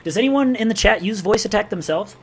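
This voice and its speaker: A man with a New York accent streaming a strategy game live, rambling in a loose, chatty way. His voice sits a little higher than most men's, and he keeps up running commentary with his viewers. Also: lively intonation, a little fast, slightly rough. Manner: chatty, rambling, talks to chat while playing. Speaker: gaming streamer.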